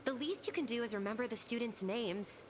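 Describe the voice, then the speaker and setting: An actress playing a brisk, sensible teenage student council president who scolds matter-of-factly in a video game. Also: female voice, on the high side, lightly acted.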